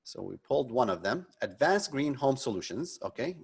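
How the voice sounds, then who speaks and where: A man's voice: mid-range voice, big pitch swings, normal speed, creaky, breathy edge. A middle-aged man leading a live webinar as a marketing consultant, critiquing frankly and conversationally, with many ums and restarts.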